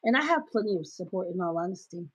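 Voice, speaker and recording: A woman hosting a casual livestream, talking loudly and emphatically into her cell phone. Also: fairly low pitch, animated, quick pace, breathy edge. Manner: loud, emphatic, ranting. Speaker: livestream host. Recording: dull cell-phone recording.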